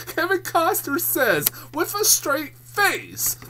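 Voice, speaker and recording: A man's voice: extremely high pitch, huge pitch swings, slow, few pauses, pushed and bright, slight background noise. A man giving a casual, exasperated film review, swearing often and laughing in disbelief as he rants.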